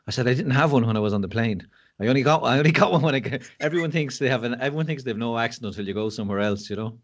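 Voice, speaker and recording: An Irish man in his fifties, a guest on a podcast, telling stories in candid, casual chat with a quick laugh. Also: mid-range voice. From Ireland. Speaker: guest, mental health speaker.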